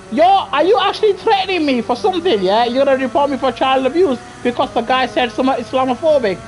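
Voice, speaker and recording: A man's voice: extremely high pitch, fast talker, few pauses, a little hiss or hum. A man streaming a racing game live, chatting to viewers casually in slang and repeating himself. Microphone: gaming headset.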